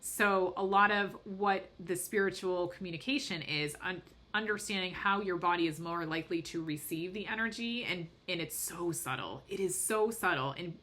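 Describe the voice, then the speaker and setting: Bright-voiced woman medium. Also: on the low side. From Boston. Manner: earnest, rambling explanations with fillers. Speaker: podcast host and medium. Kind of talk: casual spiritual podcast talk.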